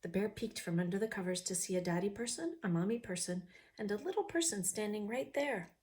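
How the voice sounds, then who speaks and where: A woman reading a picture book aloud to young viewers, pausing to ask them questions. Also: medium pitch, animated, darkish tone.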